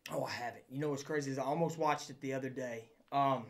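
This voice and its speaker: A man's voice: medium pitch, steady tone, fast talker, a little hiss or hum. A man with a Southern US accent, co-hosting a casual livestream chat in an easygoing way. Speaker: co-host.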